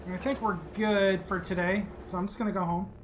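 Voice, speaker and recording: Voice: medium pitch, fairly even intonation, a little fast, a little hiss or hum. A gamer chatting casually while playing, humming and muttering as they go. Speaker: let's play gamer. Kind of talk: casual gameplay commentary. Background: game music.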